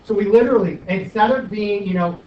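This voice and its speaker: A male math teacher giving his class an animated, teasing pep talk and review, recorded in a classroom. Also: sits high, brisk, recorded from a distance, a little hiss or hum. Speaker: high school math teacher. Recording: echoey dull classroom recording from afar.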